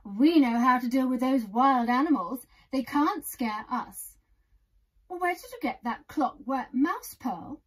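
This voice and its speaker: A woman's voice: high-pitched, lively intonation, a little slow, slightly rough, heavily acted. Woman doing a bossy little wooden doll. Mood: boastful. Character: small bossy knowing wooden girl doll.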